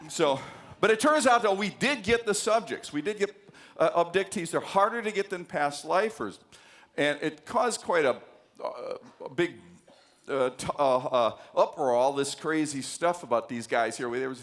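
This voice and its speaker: A man's voice: mid-range voice, moderate pace, a bit bright. An American man giving a university lecture on psychology, telling anecdotes with many fillers and acting out the voices he quotes. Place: large lecture hall.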